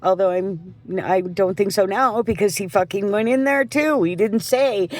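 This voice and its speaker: A woman's voice: medium pitch, moderate pace, hardly any pauses, a little mellow, no echo. A middle-aged woman who works as a janitor, venting in a rambling, profane monologue.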